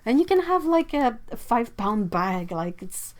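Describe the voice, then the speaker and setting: A young woman with a stuffy nose, hosting a casual livestream from her home art studio. She chats and giggles, reads out viewer comments, and trails off into soft asides. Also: a little high, big pitch swings, measured pace. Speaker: livestream host.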